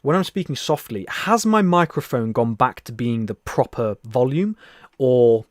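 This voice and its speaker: A man chats warmly with his viewers while hosting a live stream, reading their comments aloud and calling them "my friend". His pitch swoops up and down a lot, and he moves between hushed, soft speech and sudden louder laughter. The sound is dry and close, from a headset mic. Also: lively intonation, a little slow, no room sound. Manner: chatty and friendly, calls viewers "my friend" and "buddy", laughs often; shifts between soft near-whisper and louder talk. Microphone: headset mic with headphones.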